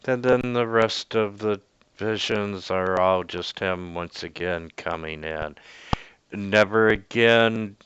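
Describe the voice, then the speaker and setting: A man with a low, smooth, resonant voice, narrating a tabletop game at a very slow, halting pace. He trips over fillers and restarts as he describes the scene. The sound is dry and a little dull, like a voice call. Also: fairly bright tone. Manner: hesitant, many fillers and restarts, laughs often. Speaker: game master.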